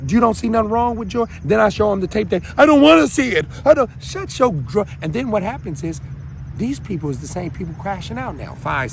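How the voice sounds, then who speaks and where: Emphatic high-voiced man ranting outdoors. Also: noisy background. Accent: Minnesota. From Minnesota, US. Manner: emphatic, rambling, swings loud and quiet. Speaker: show host. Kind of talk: unscripted rant to viewers.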